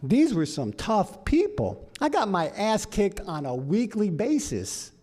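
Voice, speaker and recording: Animated, swearing storyteller man. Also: sits high, a little slow. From Los Angeles. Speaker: recovery meeting speaker. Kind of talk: personal story talk.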